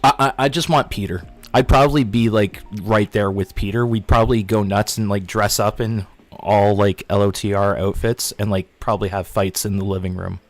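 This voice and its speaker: A young man hosting a casual livestream, chatty and excitable, talking while he eats snacks. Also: on the low side, moderate pace, faint music behind. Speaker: livestream host. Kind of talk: casual live-stream chat.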